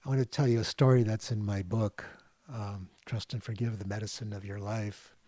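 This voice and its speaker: A man, a guest author, telling a story with light humor in a relaxed talk. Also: on the low side, moderate pace, dry recording. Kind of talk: storytelling talk on a video call.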